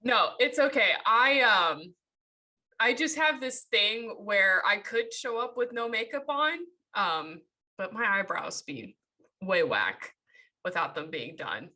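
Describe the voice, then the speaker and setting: Bright-voiced joking woman. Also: medium pitch, takes it slowly, rough recording. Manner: animated, joking, laughs often. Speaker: podcast co-host. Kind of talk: casual chat.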